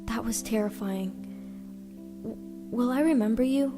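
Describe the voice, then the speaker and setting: A woman's voice: a little high, measured pace, natural voice. A woman voicing a frightened young boy trapped in a nightmare, with panicked, pleading cries. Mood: weary. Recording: reverberant with background music.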